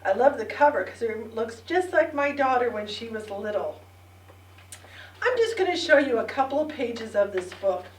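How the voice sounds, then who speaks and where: A middle-aged woman teaching a bilingual children's lesson, repeating words clearly and prompting the listeners to say them back. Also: a little high, slight background noise. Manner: slow, clear repetition with call-and-response prompts. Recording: echoey room, distant mic.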